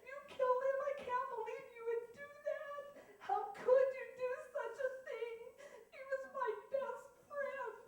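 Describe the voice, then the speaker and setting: Grieving angel, shrill and sobbing, a woman putting it on, in a hollow echoey room. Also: fairly even intonation, a little slow, recorded from a distance. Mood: anguished. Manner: anguished, accusing cries.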